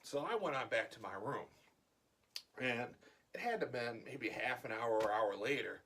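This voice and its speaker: A middle-aged man telling a story from his childhood in a casual, animated way, acting out the voices of the people in it. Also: medium pitch, normal speed, slightly rough. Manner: animated, acts out quoted voices. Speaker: vlogger.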